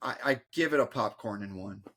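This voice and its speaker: A man in casual review chat as a podcast co-host, with a voice of middling pitch. He speaks haltingly, stopping and restarting his sentences and padding them with fillers. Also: bright, forceful tone.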